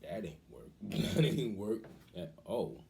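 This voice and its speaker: A man casually telling a story on his vlog, animated and acting out the voices of people in it. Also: fairly low pitch, takes it slowly, creaky, background noise. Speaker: cooking vlogger.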